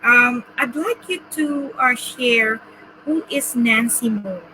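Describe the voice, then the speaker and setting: A woman from the Philippines hosts a casual interview in a bright, rather high voice. She talks in a chatty, enthusiastic way, full of ums and likes. Faint noise hums beneath her. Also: slow, low-quality recording. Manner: chatty, enthusiastic, with many fillers. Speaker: host.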